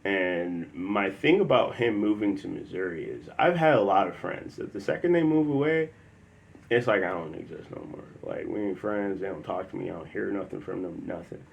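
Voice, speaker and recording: A young man with a low-pitched voice tells a personal story casually, rambling through fillers and loose asides. He is from the Chicago area, and every so often he jumps into loud, animated quotes of what people said. A faint ambient hum sits under the recording. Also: moderate pace, vocal fry.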